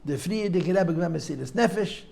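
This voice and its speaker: An earnest elderly Chassidic rabbi, put on by a man telling a story, delivers a pronouncement in Russian-accented Yiddish. The voice sits high and gravelly. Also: animated, fast, darkish tone.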